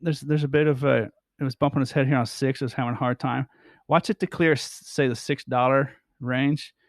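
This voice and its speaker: A man's voice: mid-range voice, steady tone, a little fast, no echo. A man vlogging about price charts, rambling and stammering as he repeats his phrases. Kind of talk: casual chart commentary.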